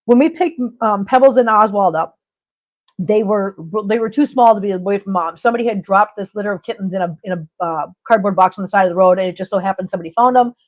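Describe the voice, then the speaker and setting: Speaking quickly at a medium pitch, a middle-aged woman hosts a laid-back livestream. She chats her way through stories and laughs frequently, though the stream audio is dull and lo-fi.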